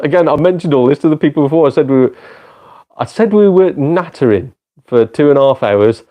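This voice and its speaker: A gaming live streamer who also does some comedy talks casually with his viewers in a fairly high, mellow voice that is lively and fairly quick. He pokes fun at himself, swears, and laughs often.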